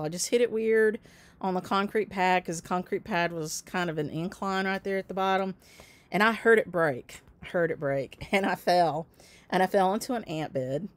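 A woman in her fifties who hosts a stitching channel tells a long personal story to her viewers in a casual chat. Her voice sits fairly low, she laughs often, and she answers viewers' comments by name.

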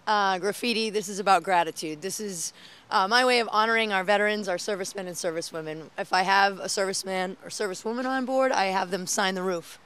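A woman's voice: mid-range voice, quick pace, smooth. A woman working as a tour driver and guide, telling stories and running jokey tour patter. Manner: jokey, lively showwoman. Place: amphibious tour vehicle outdoors. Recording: vehicle and street noise.

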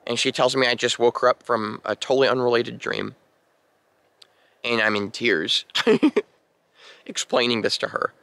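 A young man casually telling a personal story to the camera, lively and imitating sounds. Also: mid-range voice, measured pace, creaky, long pauses, no room sound. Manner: animated, imitates beeping sounds. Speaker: vlogger.

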